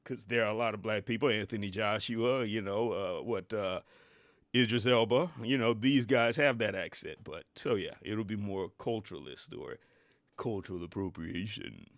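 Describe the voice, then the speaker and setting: A middle-aged man giving casual, animated reaction commentary on an interview clip, exclaiming and talking back at it. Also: fairly low pitch, moderate pace, dry recording.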